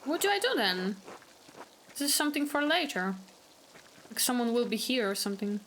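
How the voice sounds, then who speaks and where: Brief: woman streamer, casual let's-play chatter, bright, slightly high voice. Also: very animated, normal speed, a little hiss or hum. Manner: chatty, joking, laughs often. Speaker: gaming streamer.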